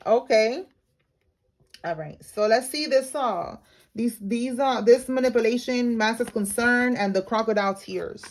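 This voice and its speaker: A woman's voice: a little high, measured pace. A woman giving a casual tarot reading to her viewers, talking in a slangy, blunt way and calling them y'all. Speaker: tarot reader.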